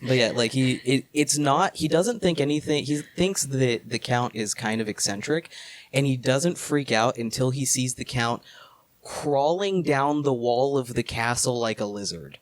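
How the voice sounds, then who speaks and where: A man's voice: mid-range voice, moderate pace, dry recording. A man co-hosting a movie review show in casual chat, joking and slipping into silly voices.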